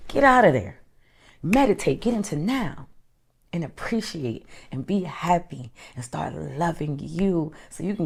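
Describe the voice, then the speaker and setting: A woman life coach giving an animated motivational talk, calling listeners honey and child, sometimes dropping to a whisper for emphasis. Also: deep voice, creaky, husky.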